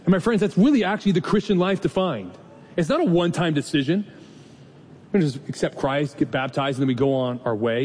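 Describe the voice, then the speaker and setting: A male pastor delivering a sermon in an easy, conversational manner, asking rhetorical questions and retelling stories with mild humor. His voice carries a long reverb from the sanctuary, with a faint low rumble underneath. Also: a little mellow. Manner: conversational preaching with rhetorical questions and light laughs. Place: church sanctuary.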